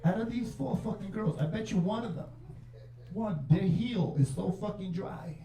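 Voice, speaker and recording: Brash profane New comedian. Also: male voice, high voice, normal speed, creaky, background noise. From New York. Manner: brash, profane, crowd-baiting. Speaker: stand-up comedian. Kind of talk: stand-up comedy set. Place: comedy club with a laughing crowd. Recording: live club recording with crowd laughter.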